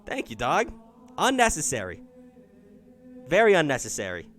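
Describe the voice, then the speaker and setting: A man's voice: on the high side, huge pitch swings, normal speed, a bit bright, a little hiss or hum. A man hosting a call-in dating stream, chatting casually, thanking viewers and swearing offhand. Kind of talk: casual live-stream chat.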